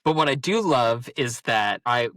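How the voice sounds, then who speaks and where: A man in his thirties chats casually on a podcast, winding through stories and leaning on "like" as he goes. His voice is bright and forceful, sitting at an ordinary middle pitch. The recording is dry and close, with no room sound. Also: expressive, a little slow, no echo. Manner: rambling storyteller, many "like" fillers. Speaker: podcast co-host. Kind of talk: casual conversation.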